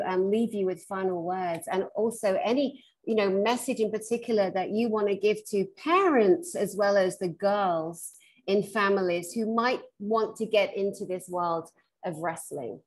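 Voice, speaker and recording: A woman's voice: mid-range voice, darkish tone, low-quality recording. A woman hosting an interview, offering short affirmations and effusive compliments as she asks her questions. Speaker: interview host.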